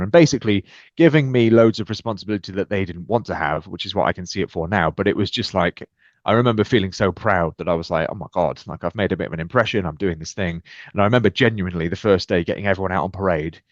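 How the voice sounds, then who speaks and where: Deep-voiced British man telling stories animatedly. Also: fast, dry recording. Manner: energetic, acts out quoted exchanges with lively shifts. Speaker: podcast guest. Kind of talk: animated storytelling in conversation. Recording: dull, muffled dry podcast audio.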